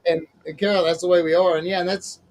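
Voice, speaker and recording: A man's voice: high voice, flat delivery, quick pace, darkish tone, rough recording. A man hosting a casual chat as a minister, folksy and chatty, laughing often. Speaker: host, minister.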